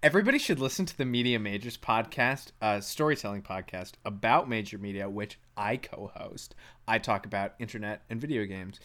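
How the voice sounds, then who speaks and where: Lively crude-joking podcast guest man. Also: fairly low pitch, fairly quick. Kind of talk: casual podcast banter.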